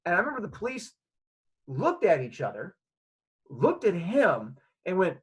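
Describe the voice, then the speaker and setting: Male storyteller, comedic and animated, slightly high husky voice. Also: moderate pace, pauses often, rough recording. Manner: animated, acting out scenes.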